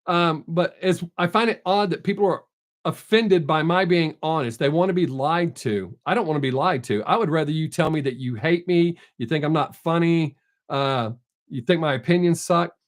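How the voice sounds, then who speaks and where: A man's voice: a little high, normal speed. A man chatting casually on a live stream, answering viewers bluntly and without a filter. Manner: blunt, unfiltered, reads out viewer names.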